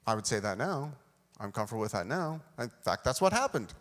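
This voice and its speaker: A man's voice: medium pitch, sing-song, fairly quick, a bit bright. A man preaching a sermon, telling a self-deprecating personal story and acting out the dialogue. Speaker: pastor. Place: church sanctuary. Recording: long hall reverb.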